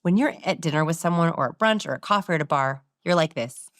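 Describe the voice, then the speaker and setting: A woman guest explaining body language in an interview, animated and sometimes acting out how others talk. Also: deep voice, fast talker, dry recording. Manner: animated, demonstrates voices while explaining.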